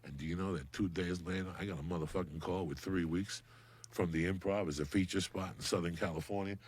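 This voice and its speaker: A middle-aged man telling a profane, animated story as a guest comedian on a podcast. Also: sits low, a little fast, husky.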